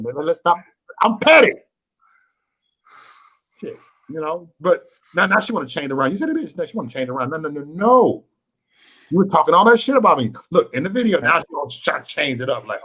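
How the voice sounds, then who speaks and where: A man hosts a late-night livestream in a crude, boastful and petty way. His voice is husky and swoops up and down a lot, and he keeps repeating his phrases. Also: on the high side, big pitch swings, fast, sharp tone, poor audio. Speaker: livestream host.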